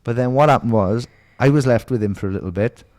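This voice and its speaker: A middle-aged Welshman from Merthyr Tydfil, with the accent to match, tells stories as a podcast guest in casual chat. His voice is medium in pitch with a darkish tone and a fast pace, and he swears freely while acting out the voices of the people he quotes.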